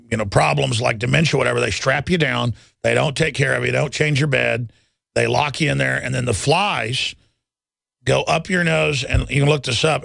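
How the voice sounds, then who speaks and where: A man's voice: mid-range voice, creaky, fairly bright tone, dry recording. A man hosting a talk radio show, delivering an emphatic, ranting monologue.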